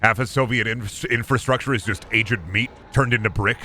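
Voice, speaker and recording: A man's voice: medium pitch, fairly even intonation, fairly quick, few pauses, sharp tone, a little hiss or hum. A young man from the United States, rambling and cursing in jokey asides while streaming a video game. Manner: rambling, profane, joking asides. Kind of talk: casual gaming commentary.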